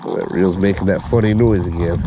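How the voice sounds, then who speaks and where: A man giving casual fishing commentary from a boat on a lake, excitable and whooping when a fish bites. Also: deep voice, brisk. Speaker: fishing vlogger. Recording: noisy outdoor lake ambience.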